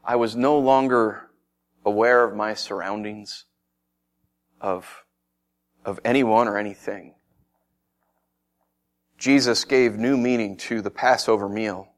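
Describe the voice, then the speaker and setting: A man preaching, telling a Bible story in first person as if he had been there, swinging from loud excitement to hushed tones and asking his listeners questions. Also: on the low side, slow pace, pauses often. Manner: addresses listeners directly with questions.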